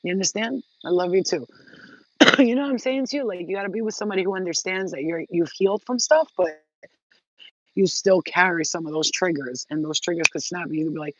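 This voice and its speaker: A woman's voice: lowish voice, fairly quick, no echo. Blunt, profane woman vlogging, dull sound. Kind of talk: casual direct-to-camera talk.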